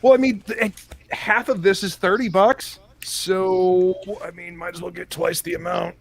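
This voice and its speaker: A man's voice: high-pitched, steady tone, moderate pace, vocal fry. A man co-hosting a casual live stream, joking and swearing in easy banter. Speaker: stream co-host. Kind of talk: casual chat.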